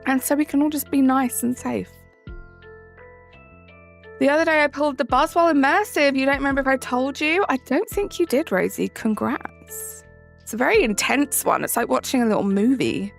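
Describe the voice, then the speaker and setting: With faint music in the background, a young English woman chats on a live stream, greeting viewers by name in a bubbly, sing-song way with rising endings. Her voice is high and gravelly, moving at a normal speed.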